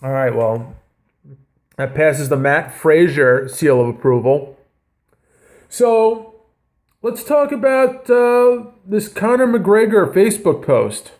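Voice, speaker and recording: A man's voice: fairly high pitch, animated, takes it slowly, a little mellow. A man giving casual reaction commentary on his comedy vlog, rambling and enthusiastic with lots of fillers. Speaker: comedy vlogger reviewing news.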